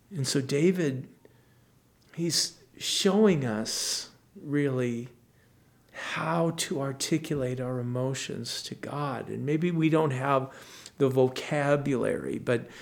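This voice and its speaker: Slow, earnest male pastor. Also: medium pitch, gravelly. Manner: conversational and earnest, with frequent restarts and soft asides. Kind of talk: devotional Bible teaching.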